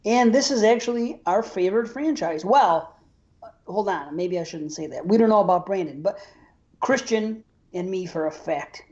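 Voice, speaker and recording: An excitable male podcast host chats loosely, laughing often and tripping over his restarts. His voice sits fairly high for a man. The audio is a little dull and lo-fi. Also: normal speed. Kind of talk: casual chat.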